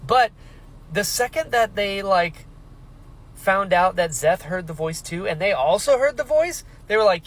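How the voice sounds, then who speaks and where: A man talking casually in a book reaction vlog, with animated, emotional reactions and casual swearing. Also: sits high, moderate pace, poor audio. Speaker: book reviewer.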